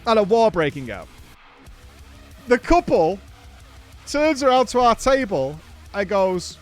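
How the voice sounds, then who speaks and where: A man's voice: high-pitched, sing-song, slow pace, long pauses, faint music behind. A middle-aged man, a podcast host, animatedly telling a story in a casual chat, swearing and laughing as he goes.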